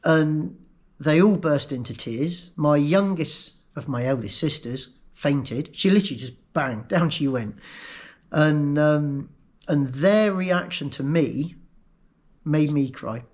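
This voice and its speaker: Emotional man, slightly high voice. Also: darkish tone. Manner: candid and emotional, halting in places. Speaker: vlogger recounting his own accident. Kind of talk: personal storytelling.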